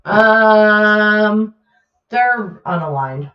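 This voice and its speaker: A woman's voice: medium pitch, animated, extremely slow. A woman running a tabletop game as game master, narrating unhurriedly with many fillers over an online call. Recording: roomy and dull, lo-fi.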